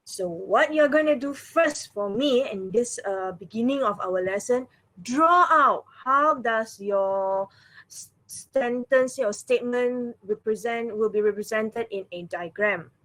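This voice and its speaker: Woman math teacher, patient and repetitive, slightly high voice, online class. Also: a little slow, a bit bright. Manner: patient, repeats "all right" and "okay" often.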